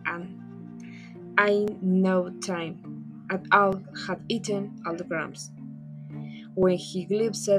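A woman with Spanish as her first language reads a fairy tale aloud at a slow, careful pace. A faint guitar plays under her voice. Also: mid-range voice, darkish tone. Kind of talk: reading a story aloud.

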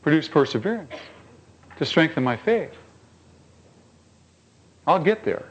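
A male pastor delivering a sermon in a high, lively voice that climbs on emphatic lines and drops low for quiet asides. He talks in a storytelling way and keeps putting rhetorical questions to his listeners. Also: a little slow, breathy edge, highs cut off.

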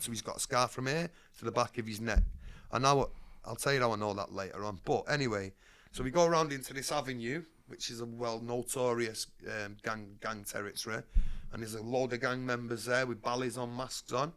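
Male guest, rough gravelly tone, frank street talk with swearing. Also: mid-range voice, brisk, a bit bright. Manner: blunt, streetwise, swearing freely. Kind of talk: candid storytelling interview.

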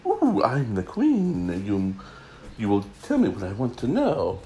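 A man putting on the voice of a haughty, commanding old queen in a drawn-out, campy, sassy way. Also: fairly low pitch, wildly swooping pitch, dark tone, slight background noise. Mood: imperious.

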